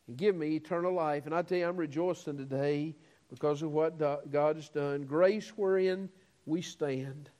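Preacher guy, kinda high voice, swings loud then hushed, stretches words out. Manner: preaching with swells of emphasis, drawn-out words and sudden quiet drops. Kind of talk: sermon.

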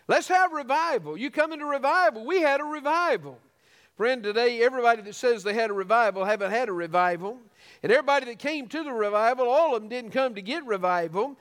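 A man's voice: extremely high pitch, a bit bright, in a large hall. A man preaching a sermon as pastor of a small church, earnest, with frequent restarts.

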